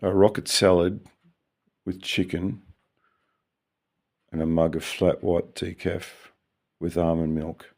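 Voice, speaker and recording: A man voicing a calm, concerned restaurant server reading back an order. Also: sits low, slow pace, gravelly, long pauses, voice pushed down, exaggerated voice. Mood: deadpan. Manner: hushed, deadpan.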